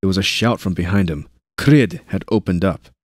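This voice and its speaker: A man reading a war novel aloud as narrator, with steady narration and shouted dialogue lines. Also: low-pitched, moderate pace, no room sound, studio quality. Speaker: audiobook narrator.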